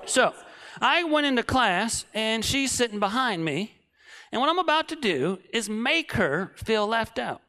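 A man in his late thirties preaching, telling a comic story that swings from shouting to hushed. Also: very high voice, big pitch swings, a little slow. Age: 30s.

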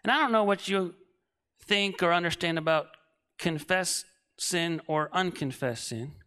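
A man in his late thirties preaching, telling a comic story that swings from shouting to hushed. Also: sits high, measured pace, clean tone. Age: 30s.

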